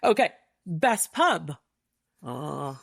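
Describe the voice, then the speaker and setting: A woman co-hosting a podcast in casual chat, chatty and quick to laugh, with a dry close sound. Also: low voice, sing-song, gravelly, fairly bright tone, breathy edge, no room sound. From Michigan, USA. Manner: chatty, laughs often, quick-fire questions. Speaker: podcast co-host.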